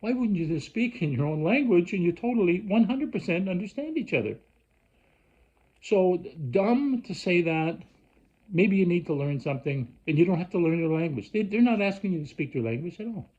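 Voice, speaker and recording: Husky man ranting. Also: sits high, expressive, normal speed, mellow, highs cut off. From Canada. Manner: worked-up, rambling, frequent restarts. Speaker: vlogger. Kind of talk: rambling casual rant.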